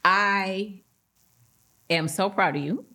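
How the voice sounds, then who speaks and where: Animated woman podcast host. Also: medium pitch, takes it slowly. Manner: animated storyteller, acts out quoted voices. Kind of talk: casual interview chat.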